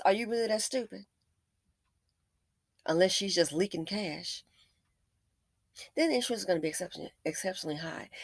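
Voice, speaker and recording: A woman hosting an opinion commentary, sarcastic and emphatic, swinging between loud stresses and low muttered asides. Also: no echo. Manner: sarcastic and emphatic, with repeated jabs. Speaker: commentary channel host.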